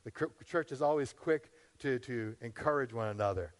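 A man's voice: mid-range voice, normal speed, in a large hall. A man as pastor, preaching a sermon in a conversational way, often asking the congregation questions.

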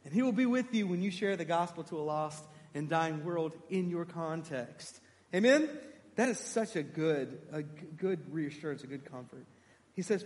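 A man preaching a sermon, animated and emphatic, putting questions to his congregation. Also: high-pitched, normal speed, big-room sound.

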